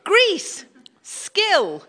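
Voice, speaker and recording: A coy sing-song British assistant. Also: female voice, very high-pitched, huge pitch swings, drawn-out words, bright, forceful tone, heavily acted. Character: female teacher playing a glamorous, coy assistant.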